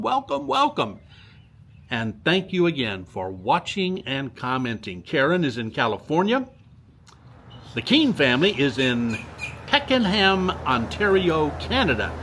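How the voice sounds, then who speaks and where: A man's voice: mid-range voice, a bit bright, a little hiss or hum. An older man chatting casually as he walks outdoors, reading viewer comments and repeating his greetings. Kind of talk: casual walking vlog. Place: outdoors downtown street.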